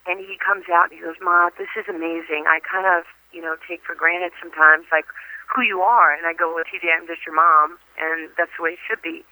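A middle-aged woman from New York, a guest in an interview, telling lively stories and laughing often. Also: fairly low pitch, a little fast, no room sound, rough recording. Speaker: interview guest, former athlete. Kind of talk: phone interview, storytelling.

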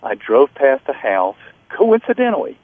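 Man, middle-aged, author guest, earnest halting storyteller, from North Carolina, phone-line radio audio. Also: medium pitch, wildly swooping pitch, no room sound. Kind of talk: storytelling interview.

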